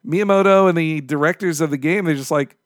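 A man with a fairly high voice joins a podcast as a guest. He tells stories with enthusiasm and animation. The recording is dry and close, with no room around it. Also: brisk, no echo. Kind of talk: casual podcast chat.

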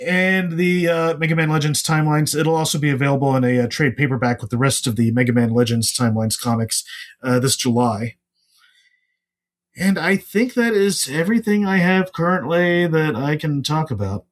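A man's voice: fairly high pitch, normal speed. Rambling man full of fillers. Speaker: podcast guest, comics writer. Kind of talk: casual podcast chat.

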